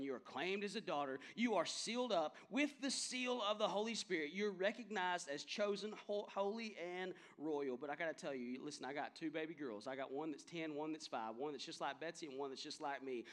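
Impassioned high-voiced male pastor preaching. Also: fairly bright tone. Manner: impassioned preaching that builds to emphatic peaks. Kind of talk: sermon. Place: church sanctuary.

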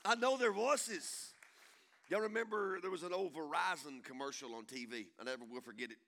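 A man, preaching a sermon as pastor, swinging from hushed, low passages to shouted climaxes. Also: fairly even intonation, fast talker.

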